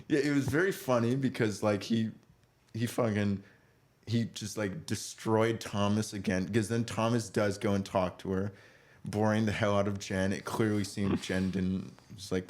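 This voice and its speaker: A young man with a fairly low-pitched voice co-hosts a laid-back podcast recap. He laughs often and slips into exaggerated voices when quoting people. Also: normal speed. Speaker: podcast co-host. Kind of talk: casual reality-TV recap chat.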